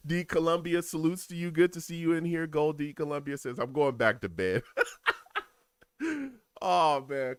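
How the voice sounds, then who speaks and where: A man's voice: fairly high pitch, measured pace, clean tone, no room sound, clean studio sound. A man with a New York accent doing casual live commentary on a football game, laughing often and reading viewer comments aloud. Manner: animated, laughs a lot, reads chat aloud. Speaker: live game reaction streamer.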